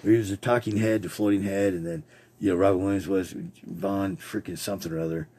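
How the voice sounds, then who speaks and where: A man's voice: low voice, fairly even intonation, fast talker, warm tone. A man hosting a podcast, telling rambling personal stories in a casual, profane way and laughing often. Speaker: podcast host.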